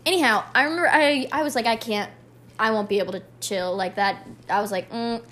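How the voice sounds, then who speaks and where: Animated young woman, playfully bossy. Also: fairly high pitch, brisk, a little hiss or hum. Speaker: podcast co-host. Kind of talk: casual chat.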